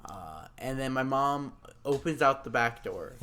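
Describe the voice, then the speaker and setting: A young man co-hosting a podcast, telling a relaxed, rambling story in casual chat. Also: medium pitch, unhurried, slight background noise. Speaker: podcast co-host.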